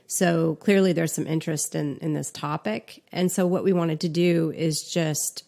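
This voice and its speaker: A woman co-hosting a podcast, talking in a relaxed, conversational way with fillers and restarts. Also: low voice, moderate pace, gravelly. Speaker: podcast co-host. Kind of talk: casual podcast chat.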